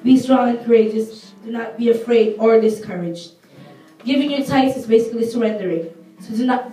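A teenage girl with a husky voice, earnestly and casually urging a church to give offerings and reading scripture aloud. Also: a little high, moderate pace. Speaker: church member exhorting for offerings. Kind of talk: church exhortation. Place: church hall. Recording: echoey hall, mic far off, soft guitar behind.

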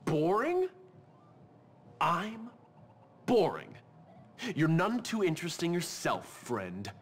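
A man's voice: fairly high pitch, wildly swooping pitch, slow, a little hiss or hum, exaggerated voice. A man voicing a scheming, sarcastic teenage boy bully in a video game cutscene, mocking in a sing-song way.

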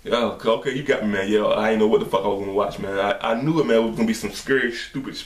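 A man hosting a reaction video, talking casually and profanely, quick to exclaim and laugh. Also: on the low side, recorded from a distance. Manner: profane, excitable, shouts and laughs at clips. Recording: echoey room, voice off-mic, faint noise.

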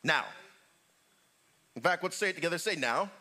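A middle-aged male pastor preaching a sermon in a church, joking with the congregation and swinging from loud calls to near whispers. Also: fairly high pitch, normal speed. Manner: animated, joking preacher with big swings in loudness. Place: church sanctuary.

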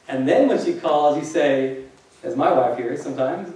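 A man's voice: fairly high pitch, big pitch swings, normal speed, darkish tone. Male pastor, conversational jokey sermon, heard from a distance in a big echoey room. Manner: conversational, jokey preaching with rhetorical questions to the congregation. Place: church hall. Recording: echoey hall, distant mic.

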